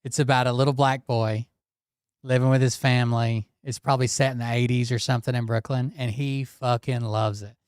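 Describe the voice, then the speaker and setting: A man's voice: medium pitch, flat delivery, fairly quick, a little mellow, smooth, no echo, clean studio sound. Blunt, profane male commentary host. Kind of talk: casual commentary.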